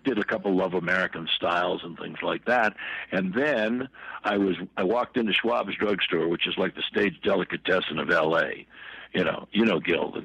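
Older male guest, low husky bright voice, rambling anecdotes, dry studio mic. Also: moderate pace, no echo, highs cut off. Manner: rambling, full of asides and restarts. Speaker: actor telling stories as guest. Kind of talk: casual storytelling.

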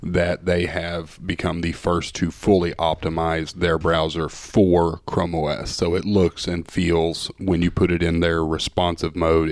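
A man co-hosting a podcast, calmly explaining a new app in casual tech chat. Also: low voice, creaky, dry recording. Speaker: podcast co-host.

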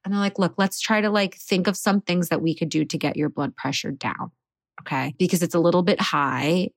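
A woman in her thirties casually telling her birth story as a podcast guest, animated and laughing often. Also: lowish voice, a little fast, dry recording, clean studio sound.

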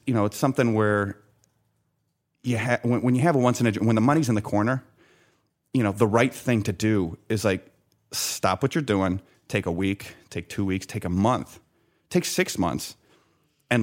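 A middle-aged man telling a story in conversation, acting out what others said and restarting his sentences often. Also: on the low side. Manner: animated anecdote teller, acts out quoted voices, many restarts. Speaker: guest, former bank sales desk worker.

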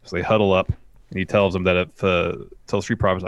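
A man's voice: low-pitched, level tone, brisk, no room sound. A man co-hosting a podcast, casually retelling a wrestling show play by play with plenty of fillers. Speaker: podcast co-host recapping wrestling. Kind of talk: casual recap chat.

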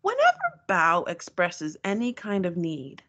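A woman's voice: fairly low pitch, huge pitch swings, a little slow, fairly bright tone, lo-fi sound. A woman co-hosting a podcast, talking bluntly and with exasperation, with some swearing. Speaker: podcast co-host. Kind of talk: casual recap chat.

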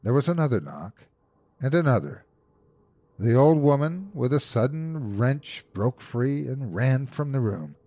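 A man hosting a horror podcast, narrating a classic ghost story in a measured, suspenseful way. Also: mid-range voice, big pitch swings, mellow, no room sound.

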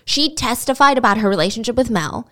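A woman's voice: fairly high pitch, animated, fast, a bit bright. A woman telling a true crime story in a casual, chatty way, with sarcastic and incredulous asides.

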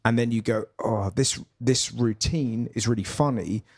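A man with a mid-range voice talks in a relaxed, reflective way, and many of his phrases trail off. It sounds like a guest speaking casually across a table in a pub. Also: medium pitch, normal speed. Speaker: comedian guest. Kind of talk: casual chat.

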